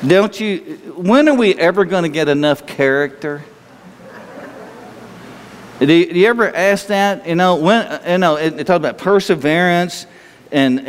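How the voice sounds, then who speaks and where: Folksy preacher in a reverberant hall. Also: male voice, sits high, expressive, normal speed, slight background noise. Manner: folksy, asks the listeners questions, laughs easily. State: itchy throat, slightly hoarse from allergies. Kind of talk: conversational sermon.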